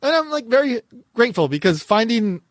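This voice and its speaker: A man with a higher-pitched voice tells a casual story on a podcast. He talks in an animated way, laughing often and stumbling over his phrases as he goes. The sound is dry and close, with no room echo. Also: fairly quick. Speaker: podcast host.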